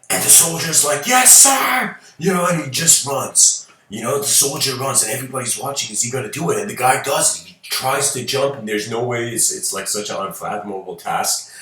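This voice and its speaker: This lecturer's medium-pitched voice sounds pushed and bright, moving a little fast. He spins his story casually, rambling along with lots of fillers and chuckles, picked up by a distant mic in a roomy space.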